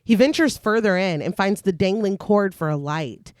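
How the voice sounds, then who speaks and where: A woman's voice: mid-range voice, lively intonation, moderate pace, a little mellow, dry recording, clean studio sound. A woman co-hosting a horror podcast, retelling the plot of a film in detail between her own casual comments. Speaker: podcast co-host. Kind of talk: casual chat and film recap narration.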